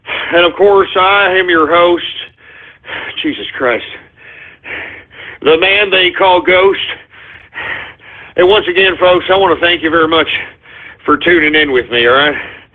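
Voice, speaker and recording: A man's voice: high-pitched, measured pace, pauses often. A man hosting a call-in radio show, agitated and swearing, a little out of breath. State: winded. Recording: phone-like narrow audio.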